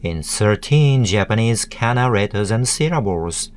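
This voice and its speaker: A man giving a scripted tutorial narration, deliberately sounding out words one syllable at a time. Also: lowish voice, expressive, a little hiss or hum.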